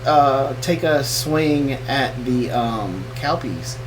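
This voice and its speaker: A man's voice: mid-range voice, animated, extremely slow. A man co-hosting a casual live question-and-answer chat, joking and teasing as he talks. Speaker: co-host of homestead channel. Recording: distant mic with noisy background.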